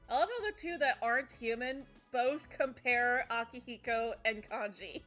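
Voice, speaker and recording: Slightly high and a bit bright, this streamer's voice moves at normal speed over soft background music. She's reading a game's story out loud for a let's play, stumbling, fixing her mistakes, and adding side comments.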